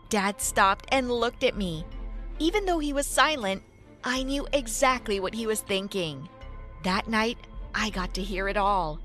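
A young woman narrating a first-person story in a lively, expressive way. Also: fairly high pitch.

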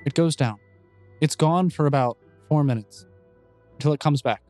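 Brief: man, game master narration, calm and descriptive, dry mic, light music bed. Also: a little high, normal speed, no room sound.

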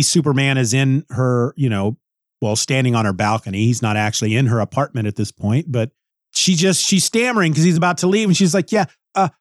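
Casual comic reviewer, male, mid-pitched, dry close sound, musing and self-correcting. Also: dry recording. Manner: rambling, musing, frequent restarts and hedges.

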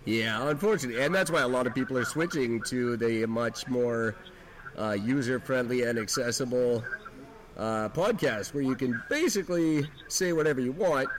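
A man's voice: mid-range voice, moderate pace, background noise. A man hosting a podcast in casual chat, laid-back and joking while running soundboard clips. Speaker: podcast host.

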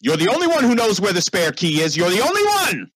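A man's voice: high voice, huge pitch swings, fast talker, fairly bright tone, slightly rough, no room sound, studio quality, voice pushed up, heavily acted. A man voicing a furious wealthy father who bellows and screams in rage. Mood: raging. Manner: screaming, raging.

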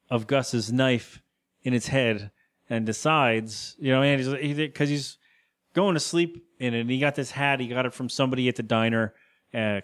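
A man co-hosting a podcast, casually recapping a cartoon episode and briefly acting out the characters' lines. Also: mid-range voice. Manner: rambling, acts out character lines in quick voices. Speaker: podcast co-host.

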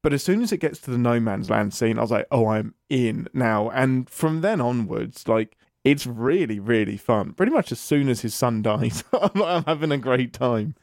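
A man's voice: mid-range voice, lively intonation, moderate pace, hardly any pauses, darkish tone, no echo, studio quality. A man with an English accent, chatting enthusiastically as a podcast co-host and laughing often. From England. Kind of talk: casual chat.

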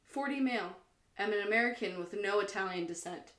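A woman's voice: medium pitch, brisk, fairly bright tone. Giggly woman reading posts in an echoey room. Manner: giggly, laughs often while reading. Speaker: podcast co-host. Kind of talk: casual chat, reading forum posts aloud.

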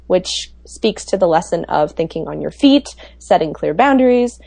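A woman's voice: on the low side, expressive, normal speed, creaky, mellow, no room sound. A woman telling travel stories in a chatty podcast conversation, with lots of fillers. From United States. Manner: chatty storyteller, many fillers. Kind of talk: casual podcast chat.

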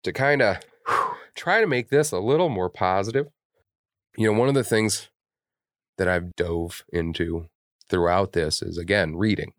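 A man with a very deep voice talks on a podcast in a casual, candid way. His speech is blunt and full of swearing, and he is openly emotional. The sound is close and dry. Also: normal speed, pauses often, no echo. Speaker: podcast co-host.

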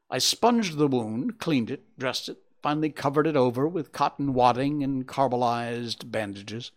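A man reading a classic story aloud as narrator, with expressive, dramatic, measured storytelling. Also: mid-range voice.

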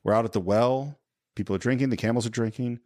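Male film podcast host, mid-pitched, eager retelling, dry mic. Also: fast, a little mellow, no room sound. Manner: enthusiastic scene-by-scene retelling.

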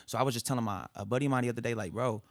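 A man's voice: mid-range voice, rapid-fire, no echo, studio quality. A man in casual podcast chat, talking emphatically and often asking "you know what I'm saying".

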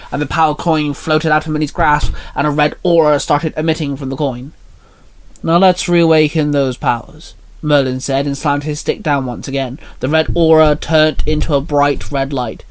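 Casting: male storyteller, steady reading, slightly high voice. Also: normal speed, hardly any pauses. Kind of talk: reading a fan story aloud.

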